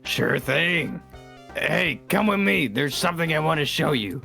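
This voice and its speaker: A man's voice: fairly high pitch, expressive, measured pace, creaky, sharp tone, soft background music, full character voice. A man voicing a cheerful, boyish male electric creature in a casual comic read-aloud, easygoing and earnest. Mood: upbeat.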